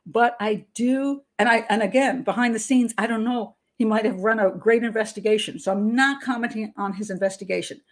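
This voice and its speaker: Older woman, host, frank opinionated commentary, slightly high voice, restarts, laughs between points. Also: fairly quick, few pauses. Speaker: criminal profiler, channel host. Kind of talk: casual commentary monologue.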